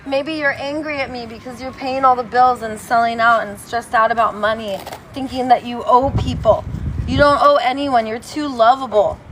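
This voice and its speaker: A woman's voice: fairly high pitch, fairly even intonation, moderate pace, a bit bright, poor audio. A woman giving a rambling, playful monologue outdoors on a city street, now and then breaking into sing-song. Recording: street traffic noise behind. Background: passing cars.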